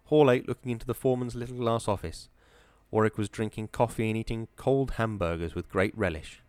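A man reading an audiobook in a measured, atmospheric storytelling manner. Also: on the low side, a little mellow, clear, resonant tone, dry recording. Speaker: narrator. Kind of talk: audiobook narration.

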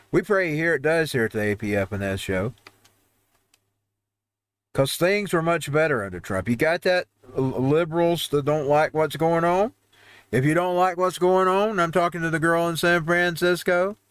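A man's voice: fairly high pitch, moderate pace, fairly bright tone, smooth, no room sound. A man hosting a home-made show, ranting over news headlines in a heated, rambling way with frequent restarts. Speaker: host. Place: home newsroom studio.

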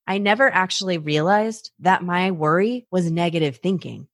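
A woman's voice: on the low side, moderate pace, no echo, studio quality. A woman hosting a personal podcast, talking animatedly and acting out her own anxious inner thoughts. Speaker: podcast host.

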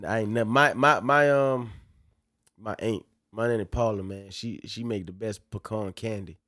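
A man's voice: on the low side, normal speed, fairly bright tone, no room sound, clean studio sound. A man with a Louisiana accent hosting a casual podcast, joking and slangy. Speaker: podcast host.

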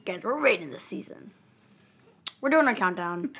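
A woman co-hosting a podcast in casual chat, animated, acting out scenes with sudden loud bursts and whispers. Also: mid-range voice, normal speed, breathy edge. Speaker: podcast co-host.

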